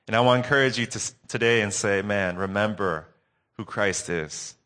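A man preaching a sermon recap, earnest and telling a story with dramatic pauses. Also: on the low side, pushed and bright.

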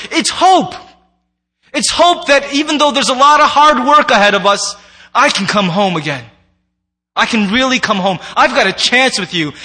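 A pastor's very high-pitched voice, pushed and bright, carries his sermon through a church sanctuary. He addresses the congregation conversationally and playfully, breaking into acted asides.

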